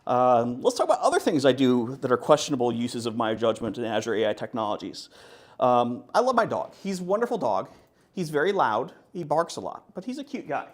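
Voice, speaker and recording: Hombre bromista dando una charla técnica. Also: male voice, medium pitch, brisk. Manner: joking, animated presenter. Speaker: conference speaker. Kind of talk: conference talk.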